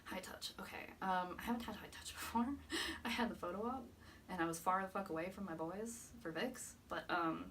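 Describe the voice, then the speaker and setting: A woman's voice: fairly low pitch, brisk, fairly bright tone. Young woman vlogger gushing and cursing about her faves, laughs a lot, mic kinda distant, faint hiss. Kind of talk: excited fan recap vlog.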